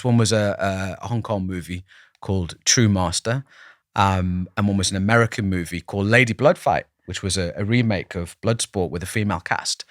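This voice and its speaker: A man's voice: on the low side, fairly bright tone, dry recording, clean studio sound. A man, a podcast guest telling stories in a chatty, self-deprecating way with many restarts. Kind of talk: casual interview storytelling.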